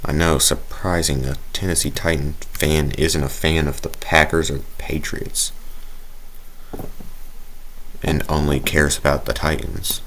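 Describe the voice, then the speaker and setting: A man's voice: extremely low pitch, little pitch movement, normal speed, few pauses, fairly bright tone, slight background noise. A man giving casual, rambling, jokey commentary while playing a video game. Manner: rambling, jokey, self-mocking. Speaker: gaming video creator.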